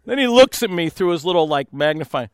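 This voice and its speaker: Animated high-voiced man telling stories. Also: quick pace, smooth, no room sound. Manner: animated, laughs often, acts out quoted voices. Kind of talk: storytelling sermon talk.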